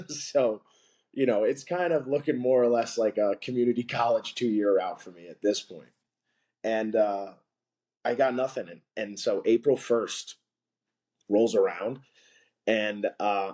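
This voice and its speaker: Man, podcast guest, lowish voice, rambling chatty storyteller, laughs often between phrases. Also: darkish tone. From from a blue-collar family. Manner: loose and chatty, heavy with "like" and "you know", laughs between phrases. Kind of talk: casual storytelling in conversation.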